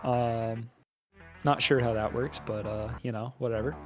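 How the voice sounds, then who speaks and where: A man's voice: medium pitch, steady tone, measured pace, music in the background. A man co-hosting a podcast, casually recapping a movie plot with profane, jokey asides. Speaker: podcast co-host.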